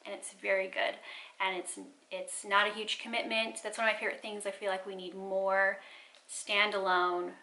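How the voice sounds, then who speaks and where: A woman's voice: mid-range voice, flat delivery, moderate pace, pushed and bright, low-quality recording. A woman book vlogger chatting casually and enthusiastically about books she loves, sometimes correcting herself mid-sentence. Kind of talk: casual chat.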